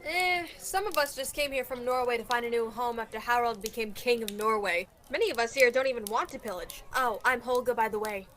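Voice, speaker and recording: Holga, a teen girl playing a bright Viking woman. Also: on the high side, brisk, few pauses, slight background noise, natural voice. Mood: teasing. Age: teens. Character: chatty young Viking woman settler. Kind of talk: school radio theatre.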